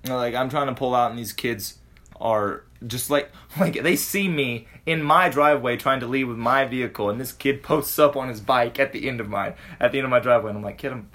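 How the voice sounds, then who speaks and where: A man's voice: medium pitch, brisk, fairly bright tone. A man co-hosting a podcast, telling a story in joking casual chat. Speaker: podcast co-host.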